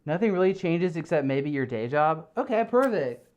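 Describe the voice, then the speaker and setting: A giggly, rambling live streamer in a fursuit reads chat comments in a home streaming room, using lots of fillers. The voice is mid-range, sing-song and darkish at normal speed, with the highs cut off.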